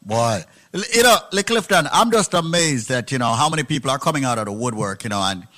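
A man hosting a radio call-in show, prompting his caller in an energetic, salesman-like way. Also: medium pitch, fast. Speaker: radio host.

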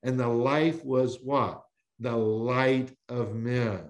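A man's voice: mid-range voice, steady tone, slow. Emphatic man teaching scripture. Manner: emphatic preaching cadence with many restarts. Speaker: guest Bible teacher. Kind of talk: podcast Bible teaching.

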